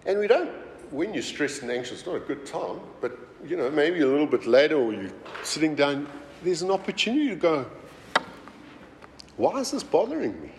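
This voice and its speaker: A man preaching a sermon as pastor, talking in a conversational, animated way with many asides. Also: on the high side, brisk, slight background noise. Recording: roomy hall reverb, faint ambience.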